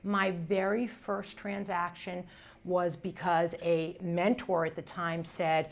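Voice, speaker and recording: A woman's voice: medium pitch, fairly even intonation, measured pace. A woman in her forties, a real estate agent and team coach, talking emphatically in a casual chat.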